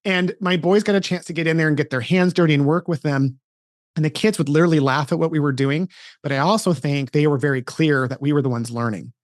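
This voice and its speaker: A man's voice: a little high, fast talker, dry recording, studio quality. A man in his forties hosting a podcast, telling a story in casual conversation with lots of restarts and asides. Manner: animated storytelling with frequent restarts. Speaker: podcast host.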